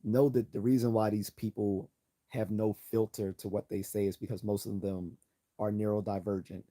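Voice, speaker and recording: Male livestream host, hoarse, low and mellow-toned, blunt and sarcastic. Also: little pitch movement, normal speed. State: hoarse, losing his voice. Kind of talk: opinionated late-night livestream commentary.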